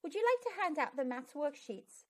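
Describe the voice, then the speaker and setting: A woman reading aloud and voicing a gentle, encouraging female teacher. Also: sits high, sing-song, moderate pace, voice pushed up. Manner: warm, encouraging.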